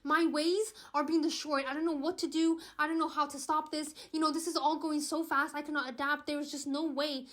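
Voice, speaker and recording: A gruff, impatient loner of a bird tracker snaps out his lines, with a woman voicing him. The voice sits high and moves fast, and every word comes out exasperated and brusque. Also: flat delivery, fairly bright tone. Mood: panicked.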